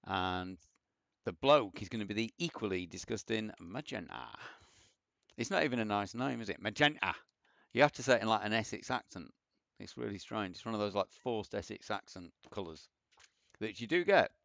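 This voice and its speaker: A man's voice: on the low side, lively intonation, fairly quick, vocal fry, a bit bright, dry recording. A man casually thinking aloud through a programming tutorial, rambling and self-deprecating as he types. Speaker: programming teacher. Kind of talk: casual coding tutorial with screen share. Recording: dull, lo-fi dry mic.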